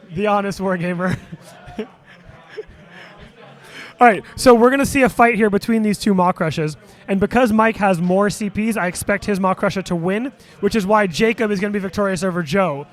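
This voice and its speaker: A man's voice: sits high, moderate pace. A man giving live play-by-play on a tabletop wargame, wisecracking and teasing his co-host. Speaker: co-commentator. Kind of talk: live game commentary.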